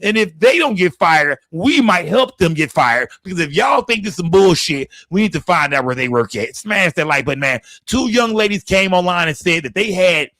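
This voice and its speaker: Texan livestream host, drawl, fairly high voice, loose and profane, close dry mic. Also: male voice, very animated, moderate pace, hardly any pauses, pushed and bright, dry recording. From Texas. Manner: loose, profane, talks straight to chat. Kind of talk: casual livestream commentary.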